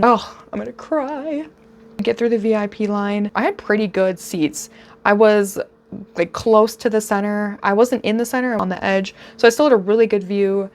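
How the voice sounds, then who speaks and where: Excitable young woman telling a story. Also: mid-range voice, a little hiss or hum. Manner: gushing, excitable storytelling with rapid bursts. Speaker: vlogger. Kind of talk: storytime vlog.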